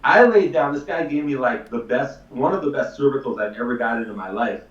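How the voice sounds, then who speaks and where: A man's voice: mid-range voice, fairly quick, echoey room, far from the mic, dull audio. A man telling a long story in casual, emphatic talk, a chiropractor guesting on a live show. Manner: animated, emphatic, swears casually.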